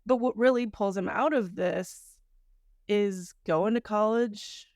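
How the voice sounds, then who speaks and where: A woman's voice: mid-range voice, takes it slowly, darkish tone, no room sound, studio quality. A woman co-hosting a podcast in casual chat, reflective and chatty, laughing often. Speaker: podcast co-host.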